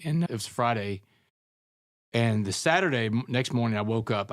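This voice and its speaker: A man with a lowish, fairly bright voice, recorded in clean studio sound with no room noise, guests on an interview as an author. He recounts his life story earnestly and conversationally, calling people "man" and "brother."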